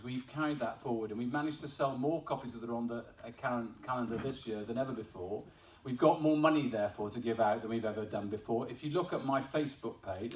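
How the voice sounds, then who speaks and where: A man's voice: medium pitch, distant mic. A man who is a member of parliament gives a chatty, self-deprecating speech at an awards ceremony, with an English accent although he is from Wales. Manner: chatty, self-deprecating, laughing at his own story. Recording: echoey hall, voice picked up from afar.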